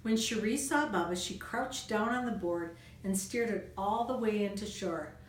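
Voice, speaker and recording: A woman reading a children's storybook aloud in a gentle, expressive storytelling manner. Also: mid-range voice, moderate pace. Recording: roomy room, distant mic, faint noise.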